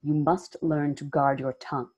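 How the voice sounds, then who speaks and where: A woman voicing a grave, watchful male warrior who speaks in a calm, measured way. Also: low-pitched, breathy edge.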